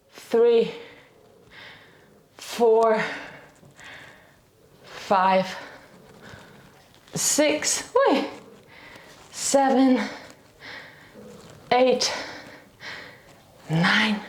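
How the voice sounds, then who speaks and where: A woman with as her leads a home dumbbell workout, a bit out of breath, chatty and self-deprecating, counting reps aloud. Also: mid-range voice. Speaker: fitness instructor. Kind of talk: casual workout instruction.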